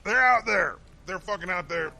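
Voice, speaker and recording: A man voicing an excitable male alien news reporter who babbles and shouts. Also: sits high, normal speed, gravelly, exaggerated voice.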